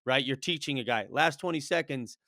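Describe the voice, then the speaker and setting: A man who coaches wrestling, talking in an energetic, rambling way on a casual podcast and telling stories about coaching. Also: mid-range voice, fairly quick, dry recording, clean studio sound. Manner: energetic, storytelling, rambling with restarts.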